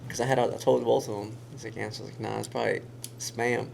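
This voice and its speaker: Gravelly-voiced man telling a lively story. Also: medium pitch, quick pace, a little hiss or hum. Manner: animated storyteller who acts out quoted voices. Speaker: guest. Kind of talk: casual storytelling.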